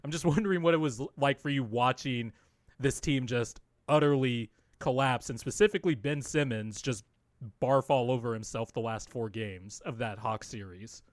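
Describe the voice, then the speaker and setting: A man hosting a casual sports podcast, with a mid-pitched voice recorded dry and close. He rambles through his points, restarts his sentences and laughs between thoughts. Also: normal speed, no echo. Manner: rambling, laughs often, trails off. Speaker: podcast host. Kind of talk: casual basketball podcast chat.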